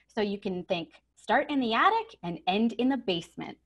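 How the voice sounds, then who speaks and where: A woman giving a webinar lesson on using the voice, stressing key words and shifting her pitch and loudness to show each tip. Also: big pitch swings, normal speed, lo-fi sound. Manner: demonstrative, emphatic, varies pitch and volume to show tips. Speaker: communication trainer. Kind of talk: webinar coaching on voice. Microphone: home setup over video call.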